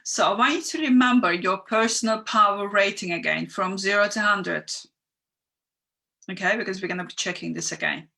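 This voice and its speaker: Woman coach on a live stream, chatty, encouraging, lots of ums, clear bright voice. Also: medium pitch, moderate pace. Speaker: online workshop host and coach. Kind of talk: live-streamed teaching, reading viewer comments.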